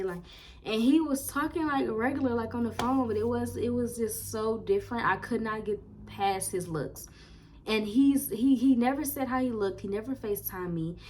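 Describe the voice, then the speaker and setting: A woman, casually telling a personal story to her viewers, animated and full of slang and "like.". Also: mid-range voice, a little hiss or hum. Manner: animated, chatty, lots of "like" and slang. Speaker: storytime vlogger.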